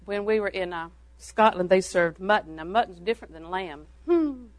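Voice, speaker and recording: A woman's voice: mid-range voice, moderate pace, no room sound, low-quality recording. An older woman giving a homespun talk on parenting to a church audience, telling anecdotes and chuckling between them. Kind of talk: folksy storytelling talk to an audience.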